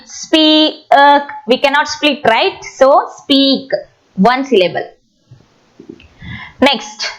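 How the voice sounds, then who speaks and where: Woman teacher, exam-prep grammar lesson, unhurried and repetitive, high animated pitch. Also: rough recording. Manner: slow, repetitive, stretches words when sounding out syllables.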